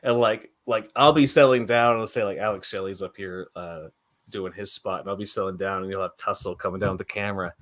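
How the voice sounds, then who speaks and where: A man's voice: low voice, steady tone, brisk, fairly bright tone. A man in his thirties, a wrestler guest chatting casually and laughing often through rambling stories. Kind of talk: casual chat.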